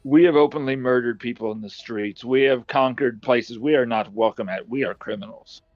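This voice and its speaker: Measured, deliberate male player, mid pitch, dull dry sound. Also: dry recording, faint music behind. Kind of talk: in-character tabletop play.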